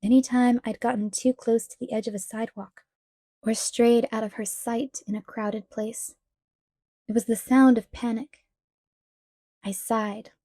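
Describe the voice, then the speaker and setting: A woman narrating a novel aloud in a measured, even storytelling manner. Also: a little high, no room sound, clean studio sound. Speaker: audiobook reader. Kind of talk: scripted narration.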